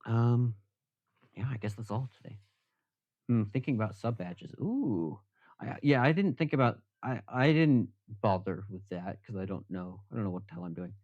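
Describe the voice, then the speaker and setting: A man's voice: lowish voice, lively intonation, normal speed, no echo, lo-fi sound. A man casually chatting with viewers on a live stream, rambling and self-deprecating.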